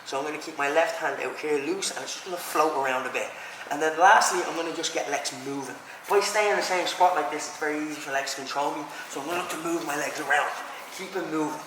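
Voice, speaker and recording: A man's voice: a little high, fairly even intonation, fast. A man demonstrating self-defence moves, explaining each step as he goes. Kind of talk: technique demonstration. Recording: echoey hall, background noise.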